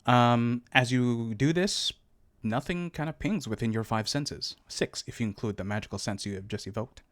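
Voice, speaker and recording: A man serving as game master for a tabletop game narrates in a relaxed, halting way, full of fillers. His pitch is medium, and the studio-quality recording has no echo.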